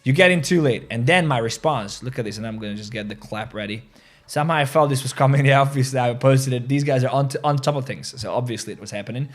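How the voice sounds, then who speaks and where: Excitable rambling male crypto host. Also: mid-range voice, fast. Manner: rambling and excitable, reads social media posts aloud with laughs. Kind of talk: casual crypto market commentary.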